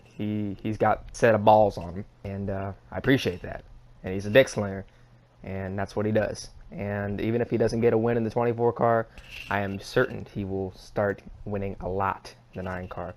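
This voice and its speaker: A man's voice: medium pitch, a little mellow, slight background noise. A man co-hosting a casual racing podcast, talking bluntly and swearing freely as he rants. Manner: profane, blunt and heated. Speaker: podcast co-host. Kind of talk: casual sports podcast rant.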